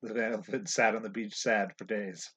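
A man's voice: fairly low pitch, steady tone, normal speed, fairly bright tone, husky. A man co-hosting a casual movie podcast, chatting and laughing often. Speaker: podcast co-host.

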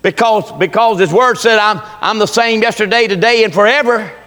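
A preacher man with a high, bright, ringing voice. He tells folksy stories in plain dialect and builds to shouts. His voice carries through a reverberant church hall. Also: moderate pace. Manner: folksy storytelling with Southern dialect, rising to shouts. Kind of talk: sermon.

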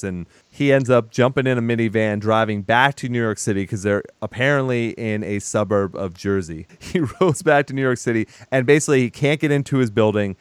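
A man's voice: fairly low pitch, smooth, no room sound. A man recapping a film in casual chat, animatedly acting out the characters' lines. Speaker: podcast co-host.

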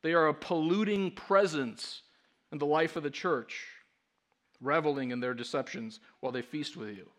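Pastor, male, fairly high voice, emphatic sermon delivery with rhetorical questions. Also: moderate pace.

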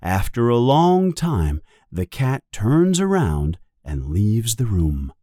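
A man narrating a children's story in a slow, deliberate, expressive way. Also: on the low side. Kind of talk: storybook reading.

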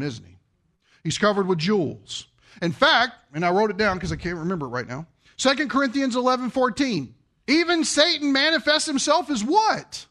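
A man's voice: high-pitched, sharp tone. A man preaching a sermon. He keeps asking the congregation rhetorical questions and acts out quoted voices. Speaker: pastor.

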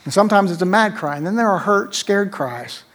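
A man's voice: sits high, expressive, brisk, a bit bright. A middle-aged man preaching a sermon to a congregation. He tells a story in a conversational way, repeats his key phrases and keeps checking in with "right?". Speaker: pastor.

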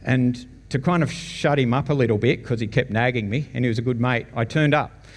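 A man's voice: mid-range voice, a little fast. Australian man, mid-range voice, chatty testimony-style storytelling to a church crowd, long hall reverb. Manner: conversational storytelling, chuckles often. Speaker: church guest speaker. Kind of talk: personal testimony to a congregation.

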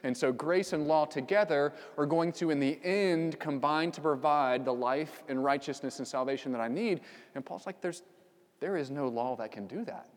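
A man's voice: on the high side, moderate pace. Man preaching in a reverberant church. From United States. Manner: conversational preaching with emphatic outbursts and many fillers. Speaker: pastor. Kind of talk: sermon. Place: church sanctuary.

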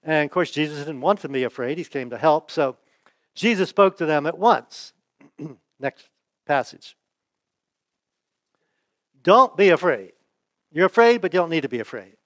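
A man's voice: a little high, animated, moderate pace, no echo. Folksy, conversational male pastor preaching. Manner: asks the audience rhetorical questions; folksy, chuckles and restarts. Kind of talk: conversational sermon.

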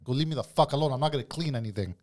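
A man's voice: medium pitch, racing, darkish tone. A man, a kitchen cook telling a work story as a podcast guest, blunt and profane, calling everyone "bro.". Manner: blunt, profane ranting, says "bro" constantly. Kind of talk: casual storytelling chat.

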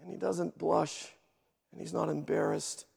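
A man's voice: on the high side, expressive, a little slow, gravelly, a little mellow, breathy edge, long reverb tail. A man, a guest pastor, preaching a sermon with emphatic delivery, often repeating words as he starts sentences.

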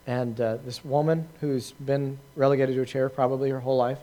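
A man's voice: mid-range voice, level tone, a little fast, mellow. A man giving an informal talk to a group, telling a story in a conversational way with many fillers, restarts and laughs at himself. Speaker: preacher answering questions.

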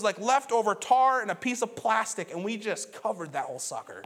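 Pastor, male, thirties, higher voice, chatty storytelling sermon that swings loud to hushed. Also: lively intonation, fairly quick, hardly any pauses.

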